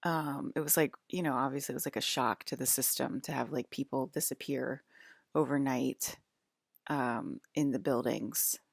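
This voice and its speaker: A woman in her forties speaks in a very deep, low register, drifting through a loose, filler-heavy monologue. The sound is dry and close, with no room around her. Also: steady tone, normal speed, gravelly, slightly rough, no echo. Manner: meandering, many fillers and restarts. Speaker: vlogger. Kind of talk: casual rambling monologue.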